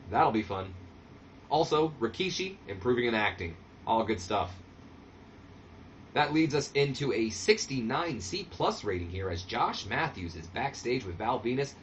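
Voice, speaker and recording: A man's voice: mid-range voice, dull audio, a little hiss or hum. A man hosting a let's-play commentary of a wrestling sim game, talking in a casual, sarcastic, self-deprecating way. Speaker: channel host.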